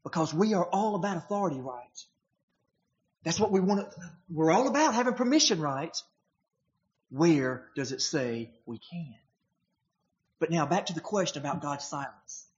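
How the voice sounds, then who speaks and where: A man's voice: high voice, lively intonation, brisk, dull audio. A man preaching a sermon, emphatic and posing rhetorical questions to his congregation.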